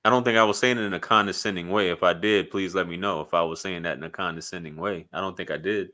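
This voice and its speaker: This YouTube commentator has a low, steady voice that comes out fast, bright and forceful. His casual commentary vlog is blunt and profane, and he rambles with frequent restarts.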